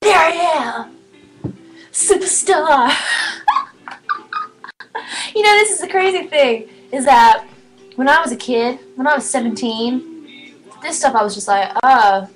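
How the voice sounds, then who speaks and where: A woman in her twenties chatting casually on her live stream, excitable, giggly and rambling. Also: high-pitched, measured pace, pauses often, soft background music, low-quality recording. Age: 20s.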